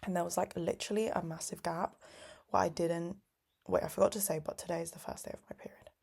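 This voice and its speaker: Chatty young woman with a gravelly low voice. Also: fairly even intonation, fast talker, darkish tone. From United Kingdom. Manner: chatty, rambling, often drops to a whisper; many "like" fillers, self-interrupting. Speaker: vlogger. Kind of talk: casual vlog chat.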